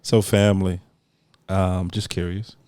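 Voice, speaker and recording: A man hosting a podcast, putting on an exaggerated smooth radio announcer voice in playful banter. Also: sits low, level tone, measured pace, warm tone, no echo. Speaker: podcast host.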